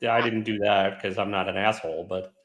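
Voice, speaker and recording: A man talking fast in a dry, deadpan way and teasing his co-host through a casual chat. His voice comes from an echoey room. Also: on the low side, highs cut off, slight background noise.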